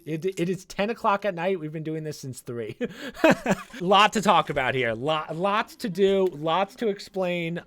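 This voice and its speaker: A man's voice: a little high, fairly bright tone. Chatty man explaining a game walkthrough. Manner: chatty, explains step by step with fillers. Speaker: gaming channel host. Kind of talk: casual gameplay walkthrough commentary.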